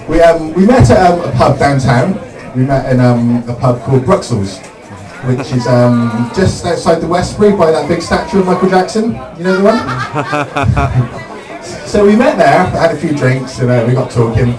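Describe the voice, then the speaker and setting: A young man from Somerset, doing a stand-up comedy set with deadpan one-liners and frequent "um" pauses. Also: on the high side. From Somerset, England. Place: comedy club stage. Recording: echoey club, distant mic, loud crowd.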